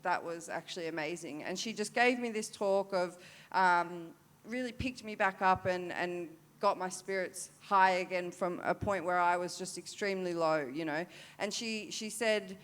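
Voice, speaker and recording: A woman's voice: on the low side, measured pace, fairly bright tone. An Australian woman in her thirties, a para-dressage rider, candidly telling a story at a forum, with many fillers and restarts.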